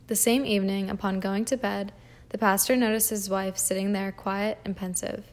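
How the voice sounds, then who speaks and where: Female storybook reader, measured and flat in pitch, creaky, with a few stumbles. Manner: measured, with small slips and restarts. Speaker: audiobook reader. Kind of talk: storybook reading.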